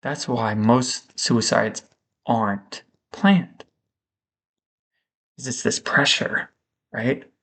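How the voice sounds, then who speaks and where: A man thinking aloud in a reflective vlog monologue, slow and halting, with frequent pauses. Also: mid-range voice, fairly even intonation, fairly bright tone. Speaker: vlogger.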